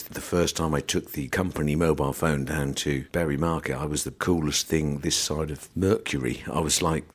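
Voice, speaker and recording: A man's voice: rumbling low, slightly rough. A middle-aged man with an English accent, telling old work stories on a podcast and acting out the voices of the people in them. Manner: animated anecdotes, acts out voices. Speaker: podcast guest. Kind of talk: casual storytelling chat.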